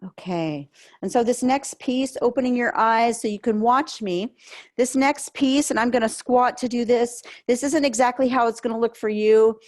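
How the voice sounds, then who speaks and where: A woman leading an online grief yoga session, giving soft, gentle guidance through a headset mic. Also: a little high, steady tone, moderate pace.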